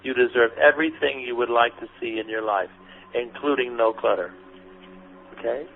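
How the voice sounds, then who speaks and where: A man working as a spiritual teacher, giving gentle guidance and answering listeners' questions in a soothing, repetitive way, calling them honey and sweetie. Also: mid-range voice, moderate pace, vocal fry, faint music behind. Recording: phone-like lo-fi radio recording with faint noise.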